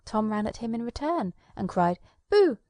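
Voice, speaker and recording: A woman narrating a children's fantasy book as a lively, dramatic storyteller. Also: fairly high pitch, normal speed, no room sound. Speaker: audiobook narrator.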